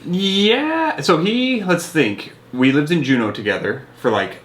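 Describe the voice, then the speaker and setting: A man's voice: fairly high pitch, lively intonation, a little slow, a bit bright. Easygoing man chatting as podcast guest. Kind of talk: casual podcast banter. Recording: roomy with faint noise.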